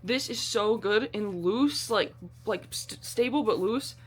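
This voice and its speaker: A woman's voice: mid-range voice, slow, husky. A woman vlogging in a casual, rambling way, bubbly and self-deprecating, swearing freely and using a lot of slang. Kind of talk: casual chatty vlog.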